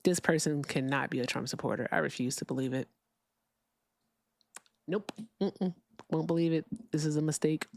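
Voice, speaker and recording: A woman's voice: low voice, normal speed, creaky, pauses often, darkish tone, slight background noise. A woman hosting a live political stream, ranting bluntly and reading viewer comments aloud. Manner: blunt, profane, ranting, reads super chats aloud. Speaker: livestream political talk host.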